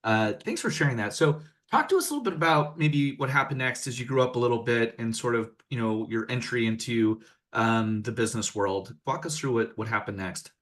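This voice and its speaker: A man's voice: medium pitch, animated, a little fast, a bit bright. A man hosting a podcast, introducing his guest and asking questions in an upbeat conversational way. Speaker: podcast host. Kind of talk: podcast interview.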